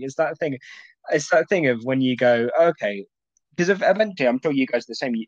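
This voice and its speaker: Rambling sweary comedian, muffled audio. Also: male voice, mid-range voice, no echo. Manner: rambling, lots of fillers and restarts, sweary. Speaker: stand-up comedian, guest. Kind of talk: casual podcast chat.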